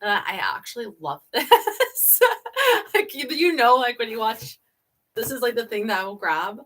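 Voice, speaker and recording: A woman's voice: fairly high pitch, sing-song, moderate pace, a bit bright, rough recording. A woman hosting a casual livestream, chatting loosely with lots of fillers as she looks through clothes. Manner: chatty, giggly, fillers like "um" and "you know". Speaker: livestream host. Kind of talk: casual chat while unboxing clothes.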